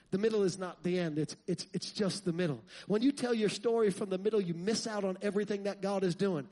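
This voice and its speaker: A high-pitched man preaches to a congregation, posing rhetorical questions and building up to loud, fervent passages.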